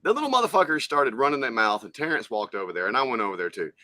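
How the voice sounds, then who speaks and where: A man co-hosting a casual podcast. He tells a story full of swearing in an animated way. His voice is bright and forceful, and the sound is dry and close. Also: medium pitch, rapid-fire, no echo. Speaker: podcast co-host.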